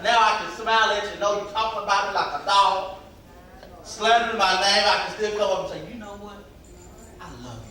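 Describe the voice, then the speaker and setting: High-voiced preacher in an echoey hall. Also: male voice, sharp tone. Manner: conversational preaching, acts out quotes. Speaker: youth pastor. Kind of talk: preaching to youth. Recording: echoey hall, voice from far off, faint noise.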